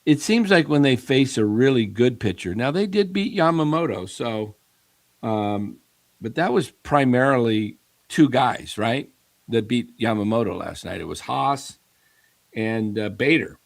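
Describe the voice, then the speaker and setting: A man's voice: mid-range voice, expressive, measured pace, creaky. A man hosting a casual sports talk stream, rambling animatedly with many fillers and restarts. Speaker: sports show host. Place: home studio in Arizona.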